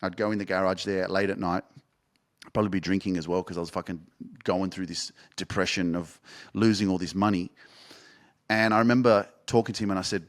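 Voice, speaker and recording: Low-voiced man telling a candid story. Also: steady tone, a little fast. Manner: candid, swears freely, rambling with restarts. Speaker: podcast host and life coach. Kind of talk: casual storytelling monologue.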